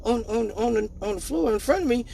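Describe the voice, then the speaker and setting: A man hosting a live show, telling a personal story in a casual, animated way, swearing freely and acting out the dialogue. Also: very high voice, a little fast, creaky, slight background noise.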